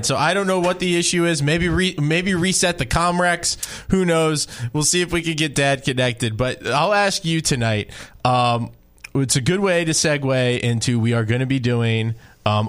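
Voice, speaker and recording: A man's voice: a little high, moderate pace, a bit bright. A man hosting a sports radio show, telling stories in a chatty way and laughing easily. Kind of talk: casual radio talk, storytelling.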